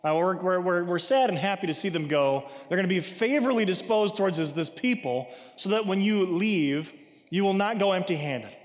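A man's voice: high-pitched, normal speed. A man preaching a sermon in a conversational way, reading scripture aloud and explaining it with casual asides and frequent "right?". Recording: long hall reverb.

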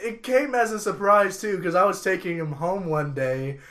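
A man's voice: high voice, normal speed, sharp tone. A young man guesting on a casual podcast, teasing and scolding his friend in mock exasperation.

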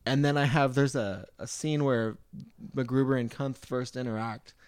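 A man's voice: mid-range voice, steady tone, moderate pace, clean tone, no echo, studio quality. A man co-hosting a casual movie podcast, eagerly retelling scenes and acting out the quotes. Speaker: podcast co-host.

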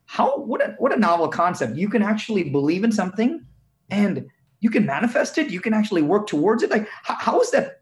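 Earnest man from India, slightly higher pitch. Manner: earnest, halting restarts. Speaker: guest. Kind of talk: reflective storytelling in an interview.

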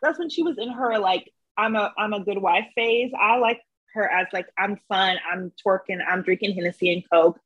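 A woman co-hosting a casual chat, emphatic and quick to laugh. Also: medium pitch, lo-fi sound. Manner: animated, laughing, emphatic agreement.

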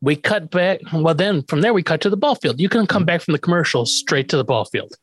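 A man co-hosting a podcast, chatting casually and in an animated way about a TV episode. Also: fairly high pitch, a little fast, no room sound. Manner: animated, acts out lines from scenes. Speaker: podcast co-host recapping a TV episode. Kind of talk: casual chat.

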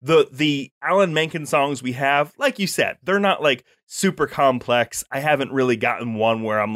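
A man's voice: mid-range voice, normal speed, fairly bright tone, no echo, studio quality. A man co-hosting a casual podcast chat, talking with enthusiasm, rambling through fillers and restarts as he reviews a show. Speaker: podcast co-host.

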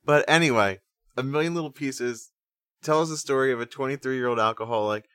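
A man co-hosting a music podcast, casually explaining things in a relaxed way. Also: medium pitch, fairly quick, smooth, dry recording, clean studio sound. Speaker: podcast co-host.

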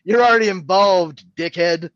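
A man in casual, profane podcast chat, cracking jokes and slipping into quick impressions. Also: high-pitched, fairly bright tone, no room sound, muffled recording. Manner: jokey, profane, does quick character impressions.

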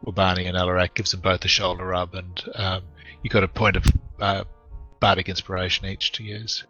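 Deep husky guy playing a tabletop game, offhand, muffled mic. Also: monotone, brisk, sharp tone, soft background music. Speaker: player. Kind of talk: casual tabletop game chat. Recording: dull lo-fi mic.

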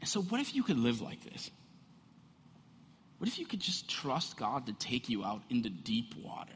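A man preaching a sermon as a pastor, animated and conversational, often asking the congregation rhetorical questions. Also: medium pitch, normal speed, slight background noise. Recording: echoey hall.

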